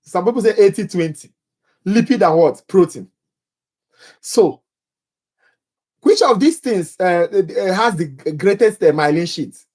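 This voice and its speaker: A man's voice: high-pitched, lively intonation, unhurried, long pauses, a little mellow. A man runs a live exam-prep review for nursing students, reading questions and answer options aloud. He quizzes his viewers and jokes about his own accent.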